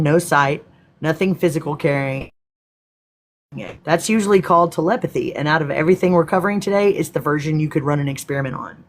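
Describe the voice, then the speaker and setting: A man with a slightly high voice and a Texan accent hosts a live stream from a script. He keeps breaking away to respond to viewers with casual, profane remarks.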